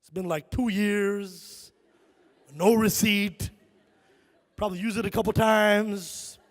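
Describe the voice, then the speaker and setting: A man from Chicago performing animated stand-up comedy on a concert hall stage, often tossing "right?" to the crowd. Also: high voice, takes it slowly. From Chicago, USA. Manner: animated storytelling, frequent "right?" asides.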